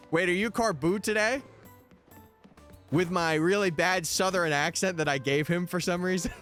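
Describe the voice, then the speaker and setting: A man's voice: sits high, a little slow, fairly bright tone. A young man streaming live, chatting casually and answering his viewers' messages over faint background music. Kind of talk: casual livestream chat.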